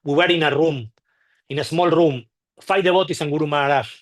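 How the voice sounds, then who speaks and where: A man telling anecdotes at a temple gathering, halting and restarting often, acting out the people in his stories. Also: a little high. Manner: halting, with frequent restarts and repeated words. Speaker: devotee sharing memories at a temple. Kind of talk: anecdotal storytelling talk.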